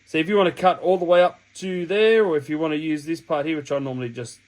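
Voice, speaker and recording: A man's voice: fairly high pitch, steady tone, quick pace, low-quality recording. An Australian man with a slightly raised voice walks through a hands-on task in casual, wandering steps. He sounds a bit sniffly from a cold. His explanations keep looping back to correct themselves. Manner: rambling, chatty, self-correcting explanations. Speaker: hobby channel host. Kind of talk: casual step-by-step tutorial. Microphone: camera mic while working.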